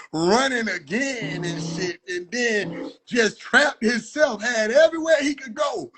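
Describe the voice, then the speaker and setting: Watching footage of himself, this young man swears freely and yells in exasperated disbelief. His pitch is extremely high, and there's slight noise in the background.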